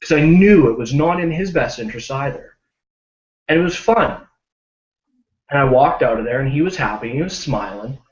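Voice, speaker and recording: This team member shares a success story on a group video call, speaking casually and animatedly as he performs the quoted voices of others. His mid-range voice moves at normal speed, broken by long pauses. The video call audio is lo-fi, dull and roomy.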